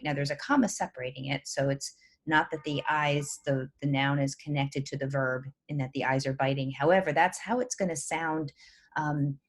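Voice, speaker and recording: Woman professor, low voice, lecturing through a poem, lots of "um" and "right?". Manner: explanatory, with frequent "um" and checking "right?".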